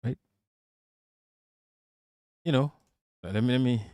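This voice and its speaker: A man's voice: mid-range voice, slow pace, a little mellow, no room sound, studio quality. A man hosting a casual live reaction stream, loose and profane, laughing often.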